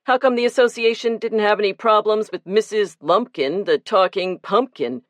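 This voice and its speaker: A woman's voice: medium pitch, moderate pace, dry recording, voice pushed up, lightly acted. Narrator doing a smug sarcastic guy, teasing everyone. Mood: needling. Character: cocky, needling man at a town table.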